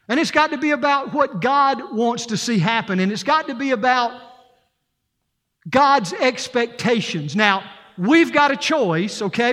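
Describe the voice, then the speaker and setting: Male pastor, sermon, high voice, earnest, long church reverb. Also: bright, forceful tone. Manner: earnest, storytelling, repetitive emphasis. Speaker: interim pastor. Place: church sanctuary.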